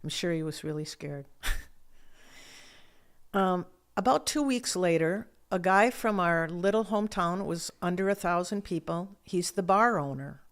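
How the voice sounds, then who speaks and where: A woman's voice: on the low side, measured pace. A woman sharing a personal faith testimony as an interview guest, telling her story in a vivid, emphatic way.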